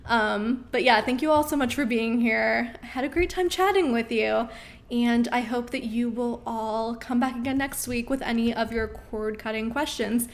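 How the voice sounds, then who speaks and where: A young woman hosts a casual live Q&A, reading out viewer questions and answering them in a friendly, chatty way. Her voice sits a little high and sounds worn, and she clears her throat now and then. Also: moderate pace. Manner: friendly, reads viewer questions aloud, frequent ums. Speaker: host of a live Q&A stream.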